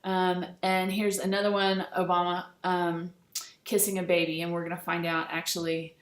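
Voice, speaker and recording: A woman teaching a recorded lesson over slides, relaxed and chatty, with many fillers. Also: fairly low pitch, moderate pace. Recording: echoey room.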